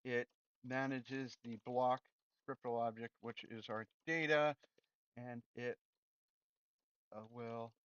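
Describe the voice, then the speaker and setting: A man chatting his way through a coding stream, rambling and breaking off mid-thought before winding himself up into excited rants. His voice is bright and forceful. It sounds dry and a little dull, like a basic home mic. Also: medium pitch, slow, long pauses, clean tone, no room sound. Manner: rambling and self-interrupting, turns loud and excited when ranting. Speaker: programming streamer. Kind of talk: casual livestream chat while coding.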